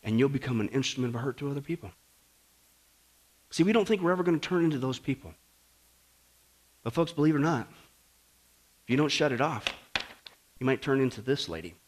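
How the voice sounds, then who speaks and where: A man preaching an exhorting sermon to a congregation, swinging from loud appeals to low asides. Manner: animated, exhorting.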